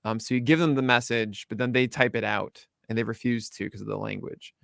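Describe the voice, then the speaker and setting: A man's voice: mid-range voice, steady tone, fairly quick, creaky, fairly bright tone, no room sound. A man hosting a casual panel chat, playful and joking. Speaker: host.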